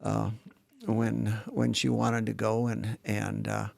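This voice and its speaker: A gravelly, slightly mellow voice with fairly low pitch belongs to a man in his late seventies from northern South Dakota whose first language was German. He speaks slowly and completely flatly, reminiscing about his life in a relaxed interview with many restarts. There's no echo.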